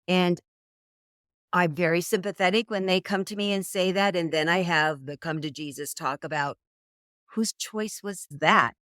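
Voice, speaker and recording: A middle-aged woman dating coach speaks in a fairly low voice, telling stories and acting out the people in them. The sound is dry and close, with no room echo. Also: normal speed. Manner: animated storyteller, acts out quoted voices. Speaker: dating coach, podcast guest. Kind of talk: conversational interview.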